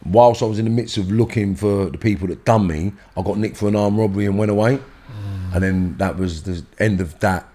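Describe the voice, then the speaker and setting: A man's voice: fairly low pitch, a little fast, mellow. A man with a London accent telling a story in a podcast interview, blunt and swearing freely, acting out heated exchanges. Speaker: interview guest.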